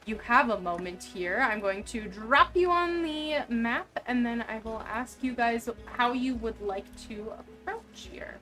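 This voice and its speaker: A woman game master talking with her players over an online call, chatty and laughing often, narrating the scenes in a steady storyteller's read. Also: a little high, a little slow, few pauses, faint music behind. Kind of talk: narrating a tabletop game on a live stream.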